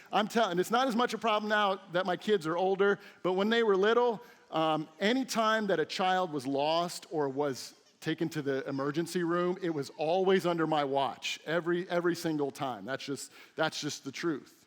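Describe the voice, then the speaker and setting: A middle-aged man preaching a sermon as a teaching pastor, telling stories with lively, acted-out quotes. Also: high-pitched, moderate pace, hardly any pauses. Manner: animated storytelling with acted-out quotes. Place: church sanctuary.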